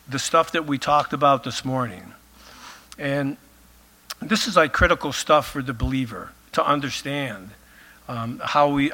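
A man's voice: mid-range voice, pushed and bright. A male pastor preaching a conversational sermon, full of filler phrases, while losing his voice.

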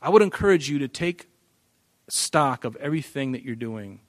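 A man's voice: medium pitch, expressive, moderate pace, no room sound. Man, pastor, bible teaching sermon, emphatic, repeats himself, medium voice, dry sound. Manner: emphatic, repeats words, varies loudness for stress.

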